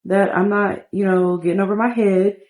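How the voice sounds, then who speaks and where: A woman voicing a smooth, flirty male suitor. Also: mid-range voice, steady tone, moderate pace, darkish tone, close to an everyday voice.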